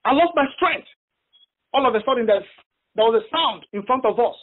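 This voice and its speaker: Male preacher, very high and husky, halting and emphatic, phone-line audio. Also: lively intonation. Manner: halting, repeats himself, emphatic retelling. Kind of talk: sermon over a phone prayer line.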